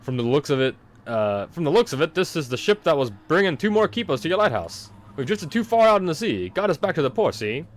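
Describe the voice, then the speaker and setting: A man's voice: medium pitch, brisk, lightly acted. A man voicing a commanding male ship captain who reports over the radio in a put-on accent. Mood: urgent.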